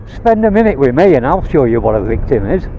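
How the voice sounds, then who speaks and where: A man's voice: medium pitch, big pitch swings, a little fast, muffled recording, slight background noise. A man from Rhodesia, a vlogger, ranting bluntly and swearing while riding a motorbike, recorded on a helmet mic. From Rhodesia (now Zimbabwe). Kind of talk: angry rant while riding. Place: on a motorbike outdoors.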